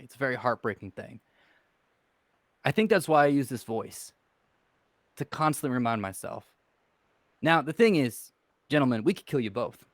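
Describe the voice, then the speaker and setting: A man playing an undead male hero with a put-on accent, talking in a measured, persuasive and quietly threatening way. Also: medium pitch, dry recording, natural voice. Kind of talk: in-character role-play.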